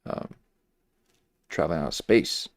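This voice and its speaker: A man commenting on a livestream, musing slowly and hesitantly with many fillers and restarts. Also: no room sound, clean studio sound.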